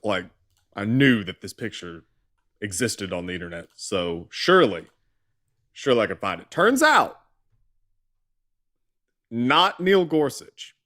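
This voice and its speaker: A man's voice: fairly low pitch, very animated, a little slow, pauses often, fairly bright tone. A man co-hosting a live politics stream, telling a story in a loose, chatty way. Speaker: co-host. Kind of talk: casual chat.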